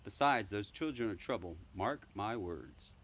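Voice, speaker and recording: A man voicing a calm, disapproving talking female cat in a storybook reading, slow and dry. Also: on the low side.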